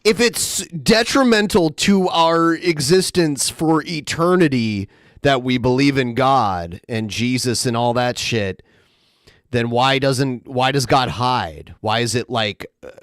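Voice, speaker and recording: Skeptical co-host with a dry delivery. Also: male voice, mid-range voice, slow pace, a bit bright, no echo. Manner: dry, skeptical, matter-of-fact. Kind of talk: casual chat.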